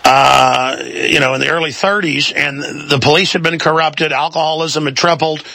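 A man hosting a political talk show, pushing his points hard with repeated restarts. His voice is high and gravelly with a sharp, forceful edge, recorded dry and close. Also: steady tone, dry recording. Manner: fast, forceful, repetitive restarts.

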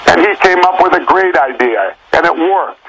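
A plain-spoken man making his case as a guest on a political talk show. His voice sits somewhat high for a man, and the sound has a broadcast radio quality. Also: animated, normal speed, crowd noise, rough recording. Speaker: guest, former governor.

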